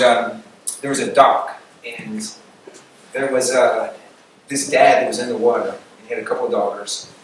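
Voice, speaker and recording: A young man giving a casual campus sermon, animated storytelling that acts out the people he quotes. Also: medium pitch, slight background noise. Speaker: campus ministry speaker. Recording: echoey room recording from far off.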